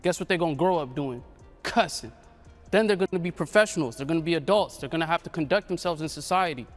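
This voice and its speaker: Guy in a panel making his point hard, kinda high voice. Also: fast, faint music behind. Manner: assertive, emphatic. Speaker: hip hop platform runner. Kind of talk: panel discussion.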